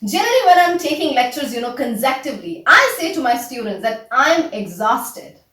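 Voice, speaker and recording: A woman's voice: high-pitched, very animated, quick pace, a bit bright, far from the mic. A woman teaching English in a chatty way, often saying "you know" in a scripted lesson dialogue. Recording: echoey room, away from the mic.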